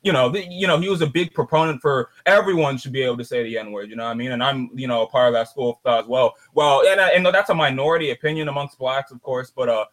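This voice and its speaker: A man's voice: mid-range voice, fast, hardly any pauses, a bit bright. A man calling in to a live show, rambling through his point with lots of fillers and restarts. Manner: rambling, many fillers and restarts, laughing asides. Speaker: caller. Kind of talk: casual call-in chat.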